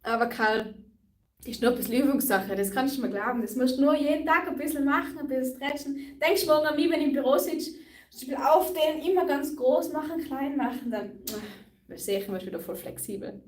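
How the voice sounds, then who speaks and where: A young Austrian woman hosting a casual live stream, her voice pitched a little high. She sounds chatty and upbeat and laughs often. She is heard from a distance in an echoey room. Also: quick pace, a little mellow, slight background noise. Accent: Austrian German. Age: young adult. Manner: chatty and upbeat, laughs often, switches between English and German. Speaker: fitness trainer and live stream host. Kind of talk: casual live-stream chat answering comments.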